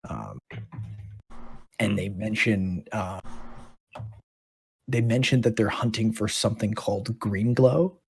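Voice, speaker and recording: Husky-voiced man running a game. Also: lowish voice, dry recording. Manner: halting, relaxed narration with restarts. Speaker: dungeon master.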